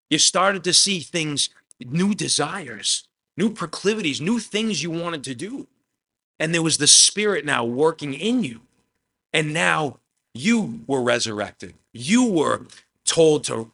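A pastor with a mid-range voice preaches a sermon, telling a Bible story. He swings animatedly from hushed to loud and often throws in the word "man."

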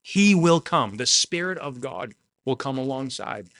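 A man's voice: medium pitch, animated, unhurried, a bit bright. Earnest man preaching a sermon. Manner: earnest, emotional, tearful at moments.

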